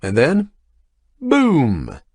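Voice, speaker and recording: A man's voice: mid-range voice, wildly swooping pitch, very slow, darkish tone, dry recording, studio quality, pitched above the performer's own voice, full character voice. A man reading an audiobook, voicing a cocky male banker who speaks in a smug, theatrical way.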